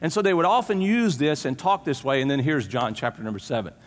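A man preaching a casual, conversational sermon, retelling the story in an animated way and often restarting his sentences. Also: mid-range voice, fast talker. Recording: long hall reverb.

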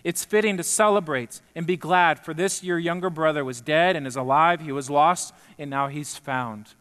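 A man's voice: fairly high pitch, moderate pace, a bit bright, smooth, close to an everyday voice. A preacher voicing a pleading father. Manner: entreating, earnest. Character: pleading, gentle father of two grown sons. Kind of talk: sermon scripture retelling. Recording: long reverb in a hall.

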